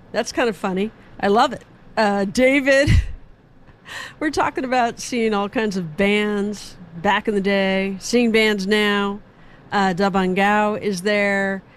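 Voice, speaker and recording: A woman hosting a community radio show, chatting casually between songs, rambling through asides and correcting herself as she goes. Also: mid-range voice. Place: radio studio.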